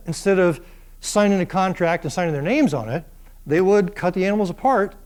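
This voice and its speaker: A male university lecturer talks through a lesson in a fairly high voice. He keeps asking his students questions and slips into voices for the people he describes, which keeps the delivery lively. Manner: lively, acts out voices of biblical figures; asks the class rhetorical questions. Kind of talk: classroom lecture.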